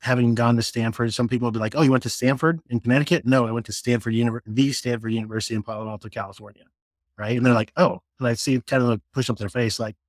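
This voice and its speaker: A man's voice: medium pitch, quick pace, no echo. Dry-voiced man telling stories. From Florida, USA. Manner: animated storyteller who acts out quoted dialogue, frequent restarts. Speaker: interview guest. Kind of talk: casual storytelling interview.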